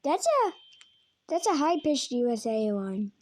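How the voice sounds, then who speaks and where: A woman's voice: sits high, big pitch swings, unhurried, darkish tone, a little hiss or hum. A woman casually reacting to alarm sounds, joking and giving blunt, offhand verdicts. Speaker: video creator rating alarm sounds.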